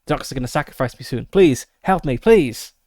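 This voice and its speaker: A frantic, handcuffed FBI agent pleads for rescue in an American accent, his voice loud and pushed a little higher than usual, as a man puts him on. The delivery is dry and close, with little room sound, like a solo tabletop game read at the desk. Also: animated, brisk, dry recording, lightly acted. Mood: desperate pleading. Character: desperate handcuffed male FBI agent inmate.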